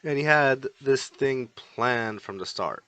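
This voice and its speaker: A brash, hot-tempered young man who spits insults and gruff orders, as a male reader puts him on. His voice sits in a middle register. The sound is dry and close. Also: mid-range voice, slow pace, pushed and bright, no room sound. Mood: scornful. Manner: scornful, snapping insults.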